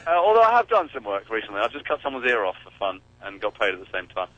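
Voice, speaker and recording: A man's voice: on the low side, big pitch swings, fast, dull audio, a crowd in the background. An English man calling in by phone to a radio show, joking and making fun of himself. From England. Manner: wry, self-mocking, joking. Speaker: celebrity caller. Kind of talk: casual phone-in chat. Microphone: phone while driving.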